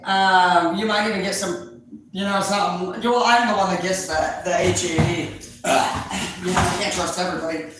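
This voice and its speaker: Cussing tarot lady rambling at her viewers, bright sharp voice, super echoey room. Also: medium pitch. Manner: profane, loud, animated storyteller. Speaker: tarot reader. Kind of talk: casual rambling chat to viewers. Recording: echoey room, distant mic, faint noise.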